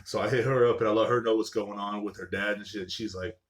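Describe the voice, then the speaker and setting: Rambling, profane young man, low voice. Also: fairly quick, hardly any pauses. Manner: rambling, profane, filler-heavy with "like" and "you know what I'm saying". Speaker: podcast host. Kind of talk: casual solo podcast storytelling.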